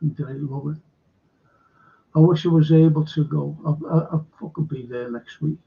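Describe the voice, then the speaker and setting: Gravelly, husky man chatting. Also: a little high, fairly even intonation, normal speed, highs cut off. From Liverpool. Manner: rambling, chatty, jokey asides. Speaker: host. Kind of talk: live fan chat show, reading chat questions.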